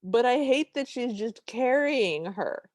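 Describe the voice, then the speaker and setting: A woman's voice: a little high, expressive, slow, a little mellow, dry recording, clean studio sound. A woman co-hosting a podcast, talking in an emphatic, indignant way and often repeating a point for effect. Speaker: podcast co-host. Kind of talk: casual chat.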